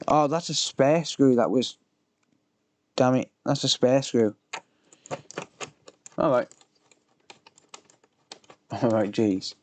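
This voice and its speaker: A man's voice: medium pitch, slow, pauses often. A man livestreaming a repair, muttering to himself and chatting offhand with joking asides. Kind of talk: casual livestream chatter while working.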